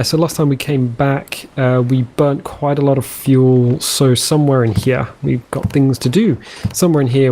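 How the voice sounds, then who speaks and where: A man's voice: medium pitch, darkish tone, slight background noise. A man giving casual, chatty commentary over his own gameplay, easily delighted and trailing off mid-sentence as he explores. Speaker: let's play host.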